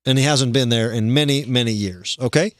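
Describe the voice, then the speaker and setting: A man hosting a livestream comedy show, rambling and deadpan, contradicting himself as he goes. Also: medium pitch, brisk, dry recording, studio quality.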